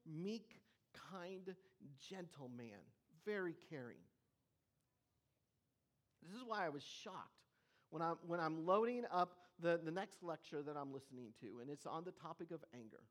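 An earnest preacher delivering a sermon, leaning hard on key words. The pace slows and stretches for emphasis, and the voice sits at a middle pitch. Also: animated. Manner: earnest, emphatic, with slow weighty pauses.

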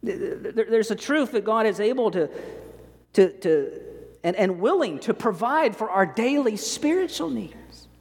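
A man preaching a sermon as pastor, slowing down to stress key words and often repeating words as he goes. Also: high voice, lively intonation. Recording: long hall reverb.

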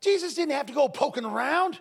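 A man preaching a sermon to a congregation, telling stories emphatically and breaking into shouts and laughter. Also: extremely high pitch, fairly quick, creaky. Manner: emphatic, swings into shouting and laughter, lively storytelling. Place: church service with a congregation.

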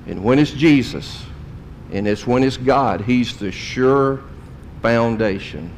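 A man preaching a sermon, in folksy storytelling that swings between loud and quiet. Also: slow pace. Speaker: pastor. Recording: long hall reverb, faint rumble.

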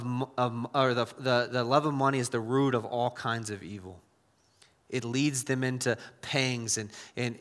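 A man pastor preaching a sermon, repeating key phrases and swinging from hushed asides to loud exhortation. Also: medium pitch. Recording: long church reverb.

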